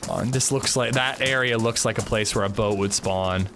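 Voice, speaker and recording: A man's voice: fairly low pitch, moderate pace, noisy background. A man streaming a video game, chatting casually and rambling jokily to his viewers. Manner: rambling, jokey, talks to chat. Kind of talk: casual livestream chat.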